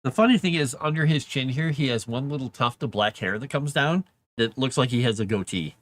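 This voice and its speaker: A man writing live on stream, thinking out loud and talking gently to his dog. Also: medium pitch, a little fast. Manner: talks softly to his dog between musings. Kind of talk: casual live-stream chat.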